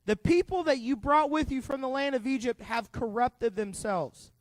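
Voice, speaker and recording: A man's voice: extremely high pitch, moderate pace, no room sound. A man voicing God as a stern, angry deity while retelling a Bible story.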